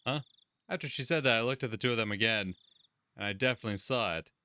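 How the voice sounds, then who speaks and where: Bright clear man with sarcastic asides. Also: lowish voice, fast, no echo. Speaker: let's-play host. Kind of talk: reading game narration with joking commentary.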